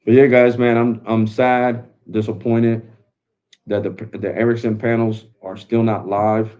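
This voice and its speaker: Laid-back low-voiced man saying bro. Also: level tone, measured pace, dark tone. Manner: laid-back, slangy, calls viewers bro. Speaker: tech live stream host. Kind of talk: casual live stream talk. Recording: dull lo-fi sound.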